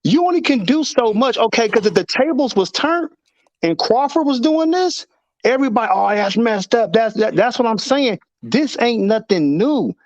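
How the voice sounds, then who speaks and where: A man co-hosting a casual boxing debate, animated, acting out quotes and repeating himself as he argues. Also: very high-pitched, normal speed, no echo, highs cut off. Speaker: boxing show co-host.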